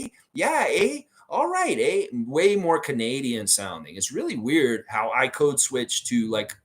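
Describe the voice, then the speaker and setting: A man hosting a fan livestream, chatting casually and answering viewer comments in a rambling way with lots of fillers. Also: medium pitch.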